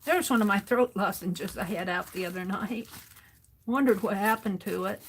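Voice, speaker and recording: While crafting on a stream, a woman journals her art and chatters away, rambling to herself with self-amusement. She speaks in a mid-range voice at a moderate pace, with a little hiss or hum on the recording.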